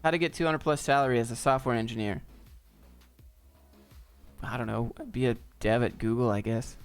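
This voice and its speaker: Laid-back man with a smooth voice. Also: mid-range voice, fairly even intonation, moderate pace, faint music behind. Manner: laid-back, joking, off-the-cuff. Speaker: streamer answering viewer chat. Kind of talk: casual live chat Q&A.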